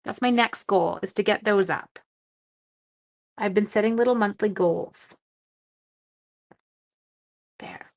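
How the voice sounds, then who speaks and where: A woman's voice: mid-range voice, slow, vocal fry, pauses often. A middle-aged woman from Canada hosting a papercraft live stream, chatting casually and self-deprecatingly with viewers while she works. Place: home craft room.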